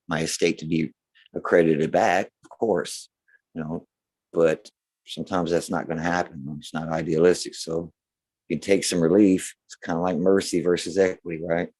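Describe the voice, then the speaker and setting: A man's voice: low-pitched, flat delivery, moderate pace, darkish tone, dry recording. A man with a Texan accent giving advice on a casual live show, often checking in with "right?". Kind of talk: casual live-stream chat.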